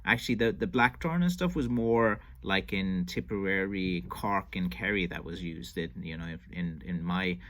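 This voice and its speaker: A man's voice: low voice, normal speed, few pauses, fairly bright tone. A man from Ireland casually commenting on an old interview clip, hesitant with many fillers and restarts. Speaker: stick maker reviewing an old interview.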